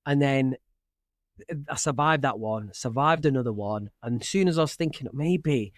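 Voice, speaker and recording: A man's voice: mid-range voice, moderate pace, dry recording, studio quality. A British man, a podcast guest, recounting his time on a game show in candid, storytelling fashion. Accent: British English. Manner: candid storytelling, dramatic retelling with asides. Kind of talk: casual interview chat.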